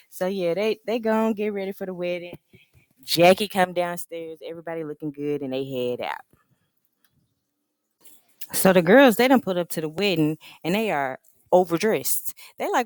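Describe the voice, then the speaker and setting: A woman recapping a reality TV episode, acting out the cast in quick put-on voices. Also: lowish voice, animated, a little mellow, no room sound. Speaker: reaction show host.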